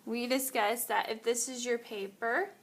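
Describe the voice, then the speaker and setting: Woman art teacher, kinda high voice, talks slow and walks through it step by step. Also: steady tone. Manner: explains step by step while demonstrating on paper. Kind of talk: classroom art lesson.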